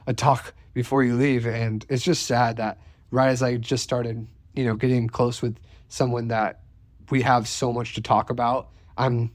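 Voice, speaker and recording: A man co-hosting a family podcast, talking in a calm, thoughtful and slightly wistful way. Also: mid-range voice, unhurried, no room sound. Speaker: podcast co-host. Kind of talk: casual conversation.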